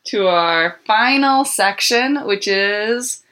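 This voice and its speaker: A woman co-hosting a casual podcast, playful and quick to laugh. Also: mid-range voice. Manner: laughs a lot, lively and playful. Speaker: podcast co-host. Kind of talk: casual chat.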